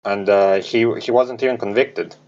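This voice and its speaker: A man speaks in a halting, hesitant way, with slightly non-native phrasing and dry ironic asides. His voice sounds dull and lo-fi, as if through a lesser mic. It is relaxed podcast chat. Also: fairly low pitch. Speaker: podcast co-host. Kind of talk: casual chat.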